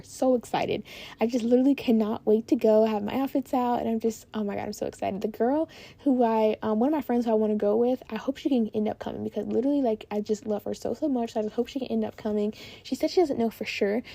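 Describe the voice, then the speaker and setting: A woman's voice: fairly high pitch, dark tone, no room sound. Bubbly gushing teen girl podcaster. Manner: gushing and bubbly, heavy on "like" and "literally". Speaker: podcast host. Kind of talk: casual solo podcast chat.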